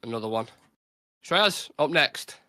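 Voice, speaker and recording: Male quiz host, forceful and bright, quick bantering delivery. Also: mid-range voice, animated, dry recording, clean studio sound. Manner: quick banter, reads out answers. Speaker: podcast host running a football quiz. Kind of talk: casual chat.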